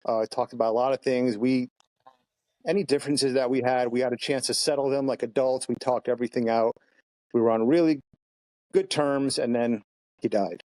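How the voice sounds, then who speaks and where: A man at a middle pitch, chatting casually in a group. He speaks in a reflective, measured way, taking his time over his words. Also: steady tone, a little mellow, no echo, rough recording. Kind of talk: casual chat.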